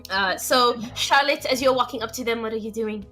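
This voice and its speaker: A woman's voice: fairly high pitch, brisk, sharp tone, faint music behind. A woman running a tabletop game as game master, easygoing and giggly.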